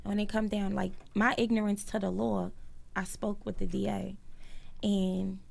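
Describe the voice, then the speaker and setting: A woman's voice: mid-range voice, flat delivery, unhurried, gravelly, darkish tone. A woman, a guest earnestly telling a personal story on a live talk stream and acting out what others said. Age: 30s.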